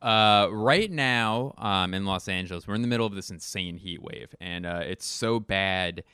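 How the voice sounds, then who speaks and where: Young dude podcast host, low voice, rambly and snarky, swears a lot, dead dry sound. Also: male voice, normal speed, bright, forceful tone, clear, resonant tone, no echo. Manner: rambling, sardonic, swears casually. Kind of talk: casual comedic monologue.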